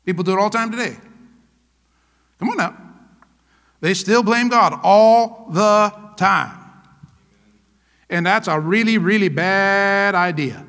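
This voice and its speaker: High bright-voiced preaching pastor. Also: male voice, slow pace, long pauses, in a large hall. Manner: emphatic, repeats "come on now" and "hello?". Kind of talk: sermon.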